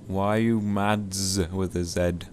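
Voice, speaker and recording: A young man chatting casually while playing a game, joking and bantering with sudden excited squeals. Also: deep voice, takes it slowly. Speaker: co-host gamer. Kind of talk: casual gaming chat.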